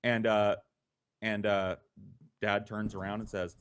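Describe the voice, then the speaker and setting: A man's voice: fairly low pitch, slow pace, clean tone. Profane storytelling podcast man. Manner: profane, animated, with laughter in between. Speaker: podcast host telling a story.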